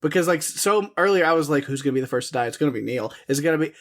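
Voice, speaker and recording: A man's voice: fairly high pitch, expressive, rapid-fire. A man co-hosting a podcast, chatting casually about a film in a wry, sarcastic way and laughing often. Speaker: podcast co-host. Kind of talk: casual chat reviewing a film.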